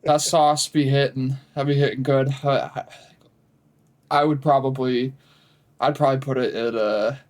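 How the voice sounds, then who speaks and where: A man from Ohio co-hosting a casual podcast, talking in relaxed slang with halting restarts. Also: medium pitch. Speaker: podcast co-host. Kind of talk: casual chat.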